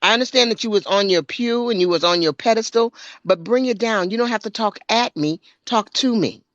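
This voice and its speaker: Calm, firm woman on a dry call. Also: medium pitch, fairly quick, no room sound, highs cut off. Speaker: listener on a live audio chat. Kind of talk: casual chat.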